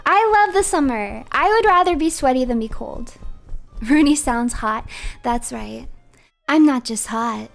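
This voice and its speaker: She is a chatty woman streamer with a high, bright voice, playful and quick to laugh. Soft music plays under her casual livestream talk. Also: animated, vocal fry.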